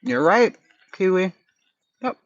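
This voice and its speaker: A man's voice: high voice, slow pace, vocal fry, dry recording, lo-fi sound. A man with a Boston accent hosting a casual livestream chat, blunt and profane, answering his chat. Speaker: livestream host.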